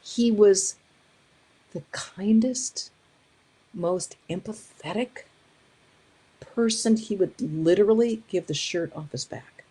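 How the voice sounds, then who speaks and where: A woman's voice: mid-range voice, slow pace, long pauses, mellow, slightly rough. A woman giving a spiritual talk, telling stories animatedly and acting out the quoted dialogue with frequent restarts. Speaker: spiritual teacher.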